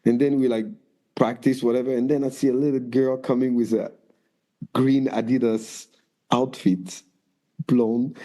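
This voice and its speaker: He's a dancer from France, a guest in an informal interview, and his French-accented storytelling comes at a moderate pace with frequent pauses. In a mid-range voice, he animatedly performs people's words in raised tones.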